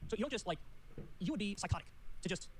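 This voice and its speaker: A man's voice: sits high, animated, fast, a little hiss or hum. A man commenting on politics in a video, wry and incredulous, joking about what he heard.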